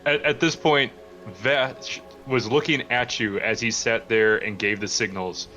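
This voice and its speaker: Man running a tabletop game, bright voice. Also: medium pitch, fairly even intonation, a little slow, muffled recording, soft background music. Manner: casual, laughing, dry teasing. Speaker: dungeon master.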